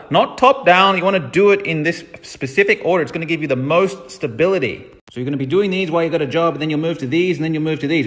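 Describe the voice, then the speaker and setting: A man's voice: on the high side, a bit bright, long reverb tail. A man giving a casual mini money lesson for his social media stories, blunt and emphatic, swearing freely. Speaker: entrepreneur teaching money lessons.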